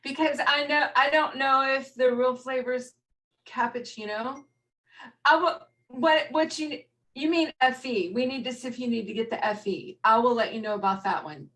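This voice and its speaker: A woman's voice: sits high, moderate pace, fairly bright tone, distant mic, poor audio. A woman hosting a casual live video chat, rambling and swearing freely as she talks. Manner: chatty, rambling, swears freely, laughs often. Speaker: host.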